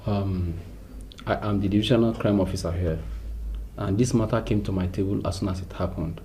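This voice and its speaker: An actor playing a matter-of-fact police crime officer with a Nigerian accent, speaking in an official tone. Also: male voice, low-pitched, brisk, mellow, soft background music, close to an everyday voice. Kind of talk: Nollywood film acting.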